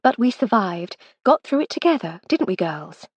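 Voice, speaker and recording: A woman voicing a breezy, wry aristocratic Edwardian lady in an audiobook, quick to laugh. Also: medium pitch, sing-song, husky, no room sound.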